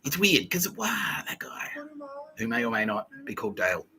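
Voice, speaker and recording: A man hosting a podcast, telling a comic story in a loose, sweary, animated way and laughing between phrases. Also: medium pitch, moderate pace, slightly rough, poor audio. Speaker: podcast host. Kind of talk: casual comedic storytelling.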